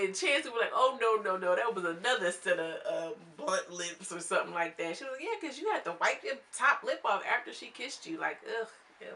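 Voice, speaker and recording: A woman's voice: medium pitch, brisk. A young woman recapping a reality show in a chatty, casual vlog, acting out what people said. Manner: chatty, animated, quotes people in voices. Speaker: reality TV reviewer.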